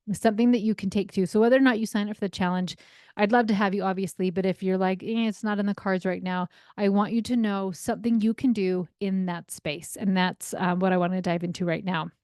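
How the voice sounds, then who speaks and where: A lively woman in her thirties coaches parents on her podcast, chatty and animated. Her voice sits at a middle pitch and sounds dry and close, with no room around it. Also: no echo. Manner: energetic, chatty, acts out quoted voices. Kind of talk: solo podcast teaching.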